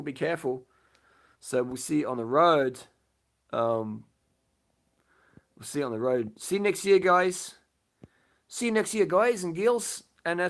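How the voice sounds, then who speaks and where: During a late-night live stream from his bed at home, a man fields questions in a blunt, casual way, swearing without hesitation and saying things twice. His voice is slightly raised in pitch with a fairly bright tone.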